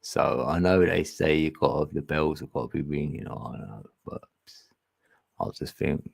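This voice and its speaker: A man's voice: very deep voice, moderate pace, vocal fry, breathy edge. A man with a Cockney accent from East London, chatting casually on a livestream, reading chat and chuckling. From England. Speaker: livestream host.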